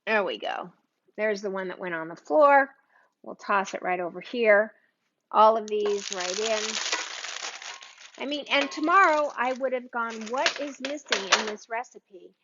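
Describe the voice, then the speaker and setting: A woman's voice: medium pitch, animated, a little slow, long pauses, a bit bright, lo-fi sound. A woman hosting a live cooking stream from her home kitchen, chatting with viewers by name in an exclamatory way. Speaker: cooking show host.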